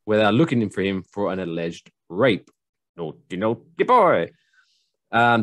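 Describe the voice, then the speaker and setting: Jokey low-voiced man on a podcast. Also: no echo, studio quality. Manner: chatty, jokey, reads news aloud with asides. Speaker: podcast co-host. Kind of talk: casual news chat.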